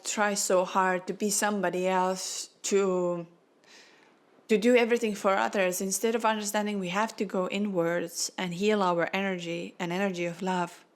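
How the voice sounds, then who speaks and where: A woman hosting a spiritual podcast, speaking earnestly and from the heart, close to tears. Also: mid-range voice. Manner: earnest, heartfelt, non-native phrasing. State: tearful, near crying. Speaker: podcast host.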